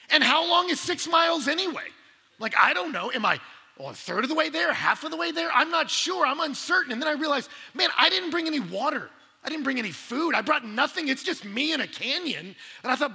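A man preaching a sermon, telling a personal story animatedly and swinging between loud bursts and hushed asides. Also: very high voice. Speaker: pastor. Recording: long hall reverb.

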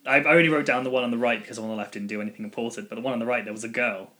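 A man's voice: mid-range voice, steady tone, rapid-fire, over a noisy crowd. A man co-hosting a casual podcast, rambling as he recounts game events in detail. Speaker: podcast co-host. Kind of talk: casual chat recapping a game.

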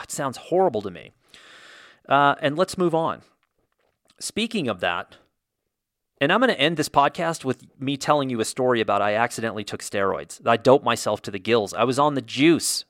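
Male podcast host, solo monologue, mid pitch, blunt opinionated ranter, dry close recording. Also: a bit bright, no echo. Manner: blunt, opinionated, ranting with mild swearing.

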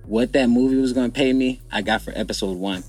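A man's voice: medium pitch, quick pace, darkish tone, faint music behind. A young man, a podcast guest, telling his story candidly and bluntly, with slang and swearing.

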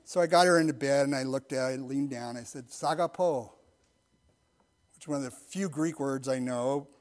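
A middle-aged man, a pastor, telling a personal story in a sermon and then leading a slow, earnest prayer, often dropping to a hushed voice. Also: medium pitch. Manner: soft-spoken, intimate storytelling that drops to near-whispers.

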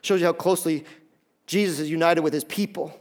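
A man's voice: on the high side, fairly even intonation, brisk. A man preaching a sermon as pastor, emphatic, often repeating a word as he starts a phrase.

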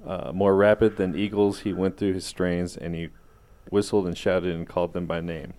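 A man on a podcast reading a holiday parody poem aloud, hesitant at times and quick to put himself down. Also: low voice, flat delivery, darkish tone. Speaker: podcast co-host.

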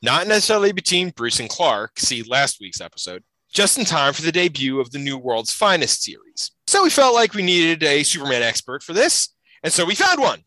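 A man hosting a podcast in casual chat, telling stories with animated energy on a close mic. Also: a little high, fairly quick, no echo, rough recording. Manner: animated, lively storytelling. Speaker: podcast host.

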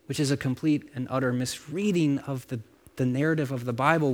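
Conversational man preaching a sermon. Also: mid-range voice. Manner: conversational preaching with asides and repeated words. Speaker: pastor.

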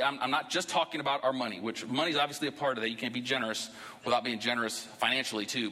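A man's voice: mid-range voice, pushed and bright, in a large hall. A man preaching a sermon to his church as pastor, talking conversationally and rising into emphatic bursts. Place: church sanctuary.

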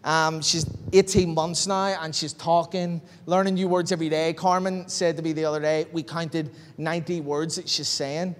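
A man preaching a sermon as pastor, animated, acting out bits of dialogue in different voices. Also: a little high, moderate pace, few pauses. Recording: long hall reverb.

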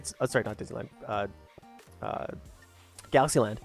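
Quick, halting man chatting on a podcast. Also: medium pitch, fairly even intonation. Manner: halting, full of fillers and restarts, easygoing. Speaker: podcast co-host. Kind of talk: casual podcast chat. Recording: dry close mic with faint music.

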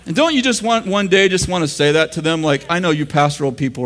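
A man's voice: a little high, fast talker, hardly any pauses, a bit bright. An American man preaching a sermon in a church, joking with the congregation and laughing at his own lines. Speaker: pastor. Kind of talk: sermon teaching.

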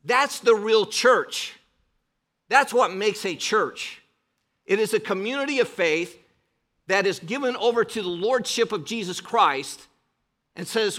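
Guy preaching, fired up and emphatic, kinda high bright voice. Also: a little slow. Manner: emphatic, exhorting, rhetorical questions. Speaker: pastor. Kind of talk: sermon.

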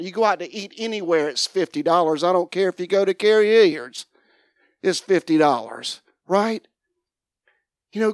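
A man's voice: sits high, no room sound, clean studio sound. Fervent man preaching an offering appeal. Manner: earnest, builds to fervent prayer. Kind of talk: sermon with personal testimony. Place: church.

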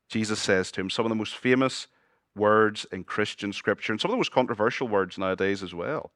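A man preaching a sermon as pastor, moving between loud exclamations and hushed, low passages and asking his congregation questions. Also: fairly quick, no echo, clean studio sound. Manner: asks the congregation questions and jokes with them. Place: church.

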